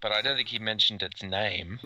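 A man's voice: fairly low pitch, fairly quick, pushed and bright, no echo, rough recording. A man on a podcast, tossing in dry, joking asides. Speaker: podcast co-host. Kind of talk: casual chat. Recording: dry close sound.

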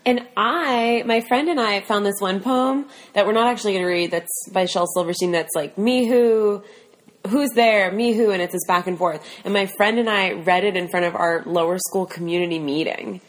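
A woman's voice: lowish voice, steady tone, fairly quick, few pauses. A young woman co-hosting a podcast, joking and teasing with dry asides. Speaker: podcast co-host. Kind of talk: casual podcast chat.

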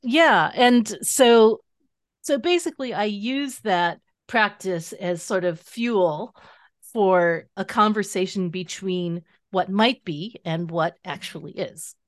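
A woman guest author talking through her practice in a casual interview, animated and explanatory, laughing easily. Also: medium pitch, slow, no room sound, clean studio sound. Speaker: guest author and tarot teacher.

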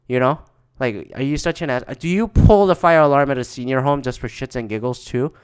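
Swearing guy rambling through a story, smooth clear voice, tons of filler words. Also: medium pitch, quick pace. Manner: profane, rambling, with frequent fillers. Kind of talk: casual rambling monologue.

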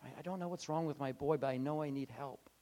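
A man's voice: mid-range voice, fast, dark tone. A man preaching a casual sermon in a conversational way, acting out the voices of people he quotes. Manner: conversational, acts out quoted voices, many restarts. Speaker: pastor.

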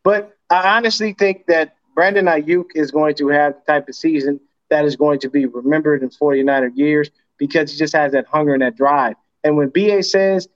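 A man co-hosting a casual sports podcast chat, animated and profane, with frequent laughter. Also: a little high, normal speed, hardly any pauses. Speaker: podcast co-host. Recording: dull lo-fi sound.

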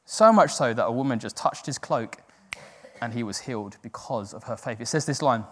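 A man's voice: mid-range voice, moderate pace, fairly bright tone. Chatty male preacher in a reverberant hall. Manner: chatty, joking, earnest. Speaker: church speaker. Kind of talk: informal sermon. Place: church hall.

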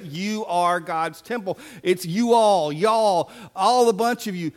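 Man, pastor preaching, emphatic, folksy, high voice. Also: a little slow, hardly any pauses. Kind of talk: sermon.

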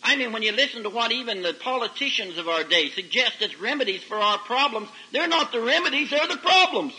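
A man preaching a folksy sermon to young people, telling stories and rising to loud emphatic peaks. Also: very high-pitched, fairly quick, rough recording. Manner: folksy, animated storytelling with sudden loud rises. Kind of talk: sermon to a youth service. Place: camp meeting service. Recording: old 1990s radio broadcast recording.

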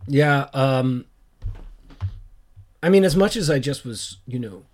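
A man's voice: mid-range voice, expressive, takes it slowly. A man in a mid-range voice talks through a solo podcast episode, drifting from topic to topic. He jokes at his own expense and fills his sentences with "you know" and "like.". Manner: rambling, joking, self-deprecating; frequent fillers and trailing asides. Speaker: podcast host. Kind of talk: casual solo podcast monologue.

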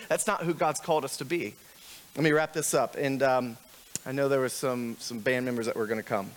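A man's voice: a little high, a bit bright. A man preaching a sermon as pastor, talking candidly and conversationally with frequent restarts, building to emphatic questions.

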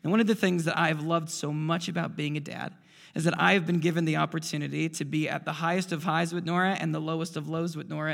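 A man in his thirties delivers a sermon, his fairly high voice carrying a gravelly edge. He tells stories with animation, jumping from loud bursts to hushed asides. The sound rings out in a large hall with a long reverb tail. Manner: animated storyteller, swings between loud bursts and quiet asides. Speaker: pastor.

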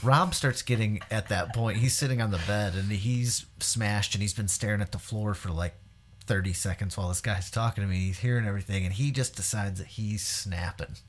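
A man's voice: on the low side, a little fast. A man hosting a podcast, telling a wild story casually, swearing a lot and laughing as he goes. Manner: profane, laughing, animated retelling. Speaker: podcast host.

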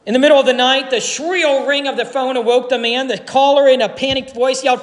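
Male pastor giving a sermon, high voice, big reverby hall. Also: fairly even intonation. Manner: earnest, quotes authors, dramatic pauses.

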